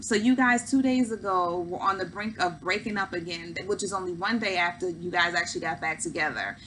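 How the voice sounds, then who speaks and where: Bright-voiced woman recapping a show. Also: lowish voice, slight background noise, poor audio. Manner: chatty, opinionated, many fillers. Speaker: host. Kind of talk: casual recap commentary.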